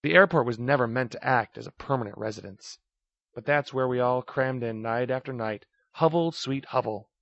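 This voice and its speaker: Man, story narrator, mid-pitched, acts out shouted lines, dry and dull recording. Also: normal speed, gravelly, no room sound. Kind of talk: first-person story narration.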